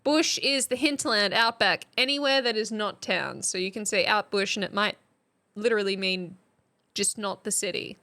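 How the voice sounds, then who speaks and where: A woman's voice: medium pitch, moderate pace, pushed and bright. An Australian woman chatting casually on a live stream, quizzing her chat like a teacher. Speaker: substitute streamer.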